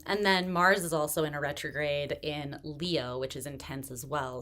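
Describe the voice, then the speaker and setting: A woman hosting a tarot live stream, chatting in a relaxed, rambling way with many fillers, still recovering from pneumonia and pacing herself to catch her breath. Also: low voice. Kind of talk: casual live-stream chat.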